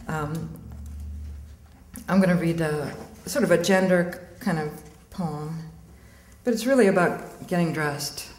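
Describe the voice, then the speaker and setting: A woman's voice: on the low side, unhurried. A woman poet giving a poetry reading, blunt and wry, chatting and laughing between poems. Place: auditorium with audience. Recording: echoey hall, faint room ambience.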